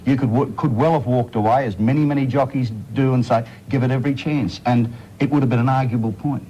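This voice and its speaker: Brief: Australian male racing pundit, mellow tone, opinionated and emphatic. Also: mid-range voice, fairly even intonation, quick pace, muffled recording. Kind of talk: studio panel talk.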